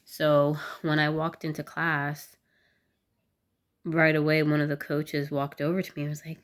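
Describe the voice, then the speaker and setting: Low-pitched woman vlogging, candid and rambly, says "like" a lot. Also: steady tone, moderate pace. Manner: candid, rambling, lots of "like" fillers. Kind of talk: casual talk to camera.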